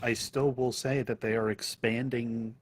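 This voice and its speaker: A man guesting on a casual gaming podcast, speaking in a measured, hesitant way with frequent pauses. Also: medium pitch, little pitch movement.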